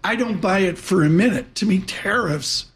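A man with a fairly high voice hosts a live financial broadcast. He talks quickly and casually, hopping from market numbers to his guest without pausing. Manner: quick, chatty, jumps between topics. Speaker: radio and TV markets host.

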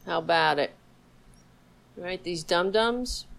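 A woman's voice: fairly low pitch, slow, gravelly, fairly bright tone, rough recording. A woman hosting a casual political livestream, sarcastic and profane, chatting to her dog between topics. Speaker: livestream host.

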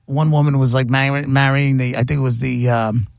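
A man hosts a radio show on a studio microphone, chatting casually and jokily, rambling and restarting often. His medium-pitched, creaky voice has fairly even intonation and normal speed, and the sound is clean, with no room sound.

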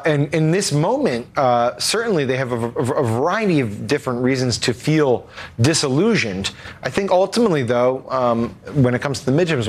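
Male pundit guest, mid-pitched, measured and a little halting. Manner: thoughtful, hesitant with fillers. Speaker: political commentator guest. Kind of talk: talk show discussion.

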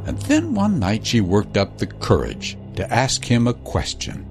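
A man narrating a news feature in a scripted, measured, dramatic storytelling manner. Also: on the low side, huge pitch swings, gravelly, over music.

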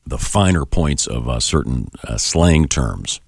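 A man hosting a radio talk show, interviewing guests and reading letters in a halting way with many fillers. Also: rumbling low, sing-song, gravelly, slightly rough, dry recording, studio quality.

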